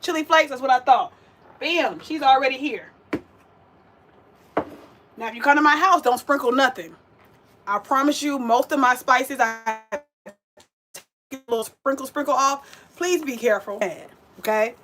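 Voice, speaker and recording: A woman's voice: high voice, moderate pace, long pauses, a bit bright. A young woman, chatting sassily and directly to her viewers while cooking on a livestream. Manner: chatty, sassy, talks straight to viewers. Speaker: vegan cooking livestream host. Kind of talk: casual livestream cooking chat.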